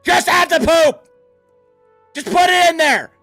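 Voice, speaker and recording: A man's voice: extremely high pitch, monotone, extremely slow, pushed and bright, soft background music, voice pushed up, full character voice. A man putting on a panicky male coworker who screams for help from down the hall. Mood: ecstatic. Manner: shrieking from a distance.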